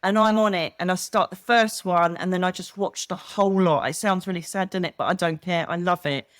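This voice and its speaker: A woman's voice: on the low side, a little fast, no echo, clean studio sound. A middle-aged English woman and psychic medium, chatting casually as an interview guest and telling stories with acted-out voices. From England. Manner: animated storytelling, acts out quoted voices.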